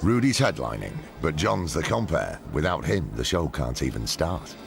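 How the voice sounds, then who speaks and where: Deep gravelly documentary narrator. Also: male voice, big pitch swings, moderate pace, over loud music.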